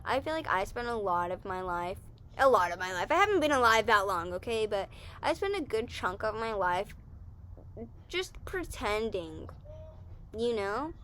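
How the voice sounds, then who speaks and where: A woman's voice: medium pitch, big pitch swings, normal speed, fairly bright tone, slight background noise. A young woman casually chatting in a Q&A vlog, rambling and self-correcting as she talks. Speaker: vlogger.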